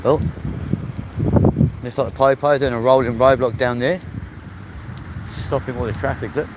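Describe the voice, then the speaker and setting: A man's voice: mid-range voice, fairly even intonation, moderate pace. Chatty man streaming outdoors. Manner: chatty, blunt, swears freely. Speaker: live-streaming vlogger. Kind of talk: casual walking live stream. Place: outdoors walking through a city park. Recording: loud outdoor wind and street noise. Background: wind and traffic noise.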